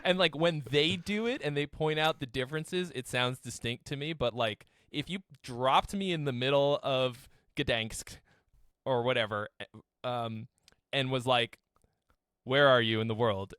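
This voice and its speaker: A man's voice: mid-range voice, normal speed, fairly bright tone, clear, resonant tone, no echo. Guest, male, from Massachusetts, brash and sweary, mid voice, dead-dry mic. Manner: brash, joking, swears freely. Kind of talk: casual profane chat.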